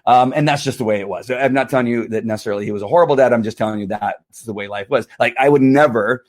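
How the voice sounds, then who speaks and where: A middle-aged man hosting a casual livestream, slightly hoarse from a strained voice, rambling with repeated words and frequent laughs. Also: medium pitch, fast. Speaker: livestream host.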